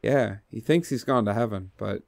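A man's voice: on the low side, brisk, creaky, no echo, studio quality. A man streaming a game, giving live commentary, laughing often and talking to the character on screen and to his viewers.

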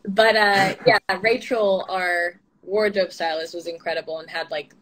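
A woman's voice: lowish voice, steady tone, measured pace, fairly bright tone. A young woman telling stories as a guest in a casual interview, chatty and full of fillers, laughing often. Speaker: actress being interviewed.

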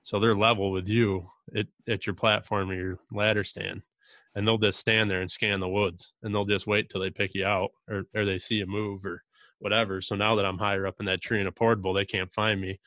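A man with a low voice talks through a hunting story in an easygoing, unhurried way. His pitch barely moves, and his delivery stays steady and plain. The recording sounds dry and close. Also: no room sound. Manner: relaxed, drawn-out storytelling with mild cursing. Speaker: podcast host. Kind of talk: casual hunting chat.

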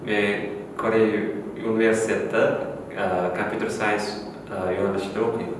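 A man from Uzbekistan in casual chat, speaking softly and haltingly. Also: on the low side, flat delivery, background noise. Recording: roomy echo, distant mic, crowd behind.

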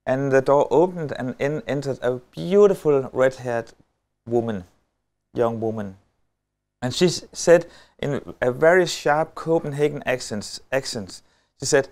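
A middle-aged Danish man speaking on a stage at a conference, telling a story with wry humor and many halting filler sounds. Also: mid-range voice, expressive, darkish tone. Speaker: lecturer. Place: on a stage before an audience.

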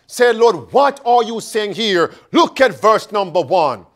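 A man's voice: high voice, expressive, fairly bright tone. A man preaching a sermon, calling out questions to the congregation and stretching words for emphasis. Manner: calls and questions to the congregation, drawn-out emphatic phrases.

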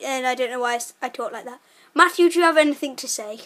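An excitable woman narrating a video game session with her friend. Her voice sits high and lively, casual chatter that flips into loud, laughing shrieks whenever things fall apart. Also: a little fast. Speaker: gaming channel host. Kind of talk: let's play commentary.

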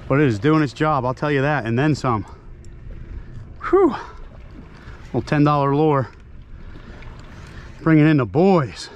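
A man filming his own fishing trip from a kayak, talking excitedly to viewers and out of breath from fighting fish. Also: a little high, unhurried, pauses often. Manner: excited, exclaiming, talks to viewers while reeling. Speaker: fishing vlogger. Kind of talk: casual fishing vlog narration. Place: open water on a kayak.

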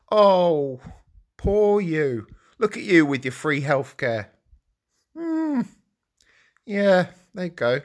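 A man's voice: medium pitch, a bit bright. Sarcastic man reacting to news. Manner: sarcastic, reads text aloud and interjects. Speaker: commentary vlogger.

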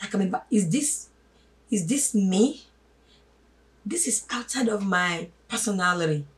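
A woman giving a spoken sermon, emphatic, swinging from loud stresses to hushed asides and calling listeners her brothers and sisters. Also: mid-range voice, lively intonation, unhurried. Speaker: religious teacher. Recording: voice a little distant from the mic.

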